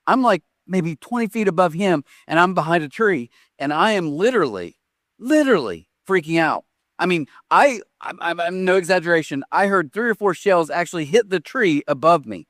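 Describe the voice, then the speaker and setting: Animated man telling a sermon story. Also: a little high, no room sound, clean studio sound. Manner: animated storytelling, rhetorical questions. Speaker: pastor.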